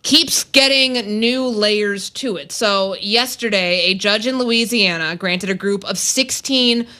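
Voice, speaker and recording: Bright-voiced woman sports radio co-host. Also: medium pitch, takes it slowly. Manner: teasing, laughs often. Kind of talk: casual sports radio chat.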